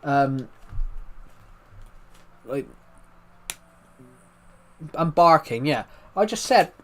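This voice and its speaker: A British man chatting on a live stream, his voice thick and a little worn from being under the weather. He talks calmly and evenly, often restarting his sentences, in a fairly high voice for a man. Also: very slow, soft background music. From United Kingdom. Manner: calm, even talking with frequent restarts. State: slightly ill, thick voice. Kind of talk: casual live stream chat.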